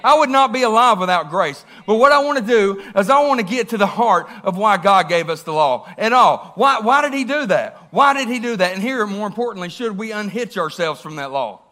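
Bright-voiced preacher. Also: male voice, sits high, a little fast, hardly any pauses. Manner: animated, asks the congregation questions. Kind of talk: sermon. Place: church.

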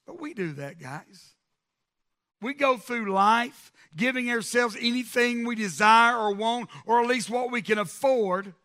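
Guy pastor preaching, bright edgy tone, gets loud and punchy on repeats. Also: very high-pitched, expressive, a little slow. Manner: emphatic preaching, rising to shouted repetitions. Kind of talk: sermon.

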